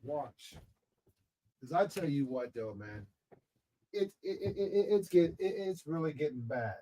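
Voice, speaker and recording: In a slightly high, mellow and expressive voice, a political commentator vlogger speaks unhurriedly. His off-the-cuff rant to camera is emphatic and repetitive, full of stammering and phrases ending in "man."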